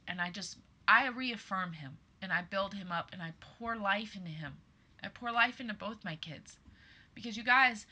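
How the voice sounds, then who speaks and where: A woman with a bright, forceful tone gives an earnest monologue to her listeners. She speaks with emphasis and keeps calling them "you guys." She sounds like a podcast host in her thirties. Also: medium pitch, normal speed.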